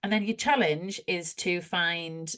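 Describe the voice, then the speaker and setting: A woman co-hosting a casual spiritual chat podcast, reflective and gently encouraging as she talks through everyday examples. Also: lowish voice, takes it slowly. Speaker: podcast co-host.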